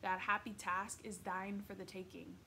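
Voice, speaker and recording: A woman's voice: mid-range voice, little pitch movement, moderate pace, vocal fry, pushed and bright, slight background noise. Woman voicing a pompous old-fashioned boy ghost. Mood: grandly insistent. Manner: archaic, theatrical phrasing. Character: pompous teenage boy ghost from Shakespeare's era. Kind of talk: read-aloud storybook voice.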